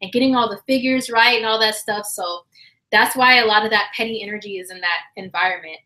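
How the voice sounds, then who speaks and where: A woman hosting a livestream chat, telling a story in a casual, animated, slangy way and acting out quotes, her voice slightly hoarse. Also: mid-range voice, brisk, low-quality recording. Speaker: livestream astrology host.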